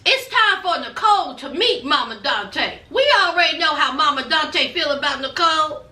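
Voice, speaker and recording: Sassy woman recap host, high and bright voice, roomy echo. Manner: sassy, gossipy. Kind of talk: casual chat.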